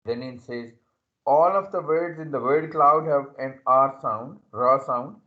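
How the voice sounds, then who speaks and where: A man teaching an English lesson, explaining slowly and repeating himself, often checking in with "okay". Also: on the high side, narrow, tinny audio. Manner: repetitive, checks understanding with "okay". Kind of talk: slow classroom explanation.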